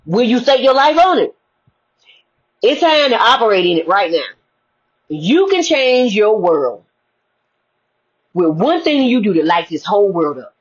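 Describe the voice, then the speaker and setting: Husky woman preaching in a lo-fi recording. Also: medium pitch, very animated, unhurried, long pauses. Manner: preachy, conversational, asks rhetorical questions. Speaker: motivational speaker. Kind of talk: spiritual sermon-style talk. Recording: dull lo-fi recording.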